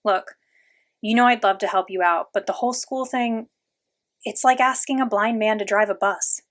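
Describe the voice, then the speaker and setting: A woman's voice: mid-range voice, moderate pace, natural voice. A woman voicing a laid-back teenage boy, a big brother who fixes cars, easygoing and joking in a storybook reading. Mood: reluctant. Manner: easygoing, joking, mildly animated.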